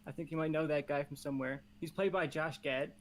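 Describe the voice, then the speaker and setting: A man talks through a movie pitch on a casual comedy podcast, rambling and joking with plenty of fillers. His voice sits a little high. A faint hiss runs under the recording. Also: steady tone, brisk.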